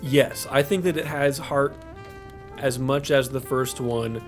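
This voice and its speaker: A man's voice: mid-range voice, steady tone, a little slow, music in the background. A man co-hosting a podcast, casually explaining film plots with fillers. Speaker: podcast co-host. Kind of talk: casual movie-review chat.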